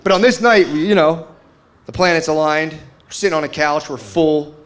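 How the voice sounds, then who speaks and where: A middle-aged man performs stand-up comedy in a relaxed, meandering way, slipping into little acted-out quotes. His voice sits somewhat high for a man. A faint hiss runs under the recording. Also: normal speed. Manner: laid-back rambling storytelling with acted-out quotes. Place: comedy stage before a live audience.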